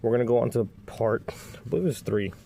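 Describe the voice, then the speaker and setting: Gravelly man explaining a lock repair. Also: mid-range voice, brisk, slight background noise. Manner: relaxed, folksy step-by-step instructions. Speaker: locksmith. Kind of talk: casual repair tutorial.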